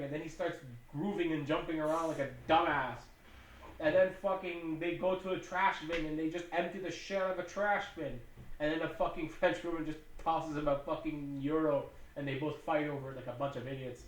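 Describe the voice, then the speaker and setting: A man's voice: a little high, fairly even intonation, normal speed. A man on a podcast recapping a movie in casual chat, swearing constantly and acting out what the characters say. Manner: profane, rambling retelling with acted-out quotes. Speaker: podcast co-host. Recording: echoey room, mic at a distance.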